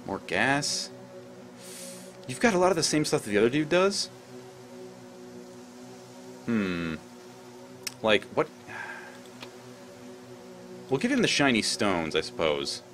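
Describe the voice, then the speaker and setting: A man's voice: mid-range voice, big pitch swings, slow, pauses often, a bit bright, faint music behind. Rambling, swearing let's-play man. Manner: rambling, swears freely, thinks aloud. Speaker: gameplay commentator.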